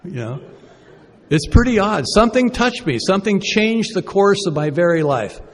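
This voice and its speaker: A man's voice: high voice, expressive, normal speed, a little hiss or hum. A man giving a personal recovery talk from a podium, conversational and self-deprecating, asking the audience rhetorical questions. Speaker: recovery meeting speaker. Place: conference hall. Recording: reverberant hall.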